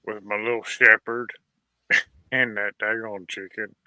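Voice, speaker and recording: A man in casual chat who drawls his stories at a slow, easy pace. His voice is a touch low but very bright. The sound is dry and close. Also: level tone, dry recording. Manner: drawling storyteller, folksy. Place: rural home.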